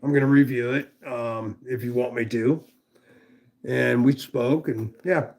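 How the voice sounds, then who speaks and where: A man with a gravelly, rough-edged voice rambles through a casual knife review on a live stream. He swears freely and keeps breaking off to greet viewers by name. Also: medium pitch, unhurried, darkish tone. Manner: rambling, profane, chatty with viewers. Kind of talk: casual livestream chat.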